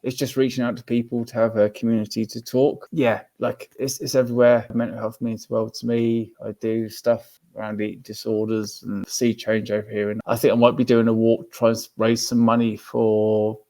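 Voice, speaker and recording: A man's voice: mid-range voice, flat delivery, normal speed, hardly any pauses, warm tone. Heartfelt, rambling man talking football. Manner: heartfelt, rambling, repeats himself. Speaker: podcast guest, football fan. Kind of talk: casual podcast chat. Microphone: remote call.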